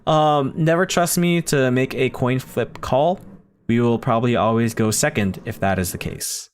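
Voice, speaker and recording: A man's voice: medium pitch, moderate pace, smooth. A young man streamer with a Filipino and Bay Area accent, rambling casually through his plans with lots of ums and restarts. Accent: Filipino and Bay Area blend. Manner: rambling, chatty, many ums and self-corrections. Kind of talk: casual live-stream planning chat.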